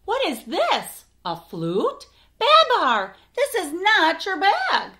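A woman voicing an excitable, motherly elephant queen in a children's storybook, exclaiming in a high voice. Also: measured pace, heavily acted. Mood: alarmed.

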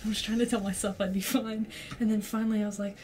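A woman's voice: mid-range voice, flat delivery, quick pace, darkish tone, a little hiss or hum. A young woman telling a rambling story to friends in casual chat, full of "like" and casual swearing. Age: young adult. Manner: rambling, peppered with "like", swears freely.

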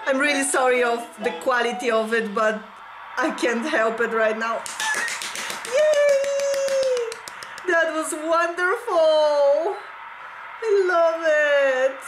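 Over loud pop music in the background, a high-pitched woman speaks slowly as she reacts with excitement on video. She gushes, squeals and sings along.

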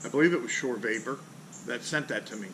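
A man's voice: mid-range voice, quick pace, a bit bright. A man, a fishing charter captain, ranting bluntly and profanely in a casual vlog, sitting outdoors under a carport. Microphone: camera mounted on the back of a boat. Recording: outdoor camera audio with clear ambient noise.

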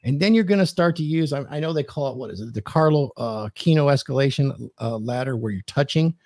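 A man's voice: mid-range voice, animated, brisk, a little mellow, no room sound, clean studio sound. A man hosting a podcast, giving dating advice in casual chat and acting out quoted lines in a commanding tone.

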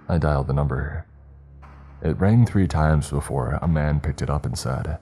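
Very deep-voiced male horror narrator. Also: normal speed, warm tone. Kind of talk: scripted horror story narration. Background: faint music.

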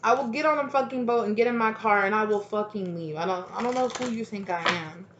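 A woman doing a casual tarot reading, animated and profane, with frequent laughter and quoted asides. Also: medium pitch, a little fast, lo-fi sound, slight background noise. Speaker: tarot reader.

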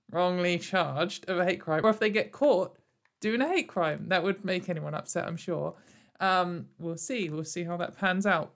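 A woman hosting a casual commentary show, rambling and sarcastic, with lots of fillers and little laughs. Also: lowish voice. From United Kingdom. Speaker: commentary video host.

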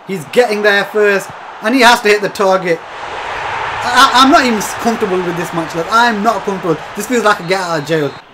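Game commentator, frustrated and foul-mouthed, very animated delivery. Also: mid-range voice, background noise. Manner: exasperated, swears a lot, talks to viewers as lads. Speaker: gaming commentator. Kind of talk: live gameplay commentary.

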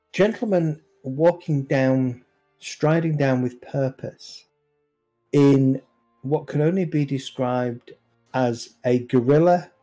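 A man narrating as game master of a tabletop game over an online call, describing scenes at an unhurried pace. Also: a little high, mellow, low-quality recording.

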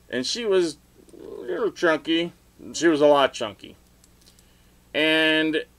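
A middle-aged man rambling through a story for his video blog, with sudden loud outbursts and laughter along the way. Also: on the high side. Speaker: vlogger telling stories.

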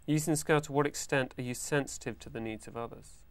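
A male interviewer puts questions from a questionnaire in a brisk, matter-of-fact way. He talks quickly, with a voice at an ordinary middle pitch.

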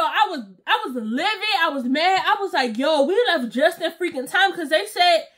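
Woman, young adult, high-pitched, very animated, storytime vlogger, slangy, acts out quotes. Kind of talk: casual storytelling.

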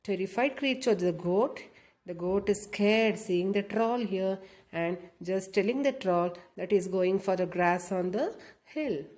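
A woman reads a children's story aloud at a mid pitch. She goes slowly, explains each picture and keeps asking the young listeners questions. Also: darkish tone.

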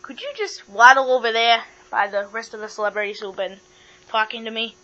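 A woman hosts a playful pretend talk show in a high, bright voice. She speaks in a bossy, matter-of-fact way and moves guests along. The recording is dull and lo-fi with mains hum. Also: a little fast. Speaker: host of a toy talk show.

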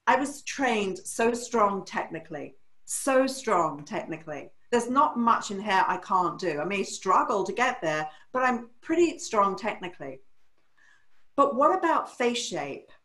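An older woman from England, a hairdresser telling stories in an interview, animated and acting out the voices of people she quotes. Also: medium pitch, reverberant, low-quality recording. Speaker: hairdresser and educator. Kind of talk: storytelling in a podcast interview.

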